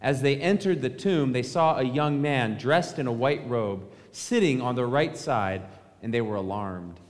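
Male pastor, sermon, conversational with rhetorical questions, mid-pitched voice, long church reverb. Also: measured pace. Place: church sanctuary.

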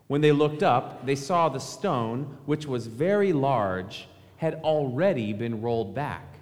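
Male pastor, sermon, conversational with rhetorical questions, mid-pitched voice, long church reverb. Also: measured pace. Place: church sanctuary.

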